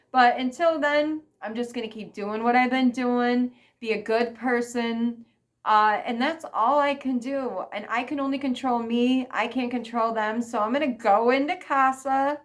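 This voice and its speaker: Emphatic ranting woman vlogger. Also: medium pitch. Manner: emphatic and repetitive, frequent "okay?". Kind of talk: ranting vlog monologue.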